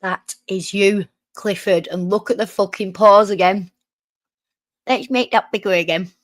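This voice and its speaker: A woman's voice: mid-range voice, fairly even intonation, unhurried, no room sound, studio quality. A woman hosting a reaction stream, talking back at clips with sarcasm and swearing. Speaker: streamer host. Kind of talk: reaction commentary.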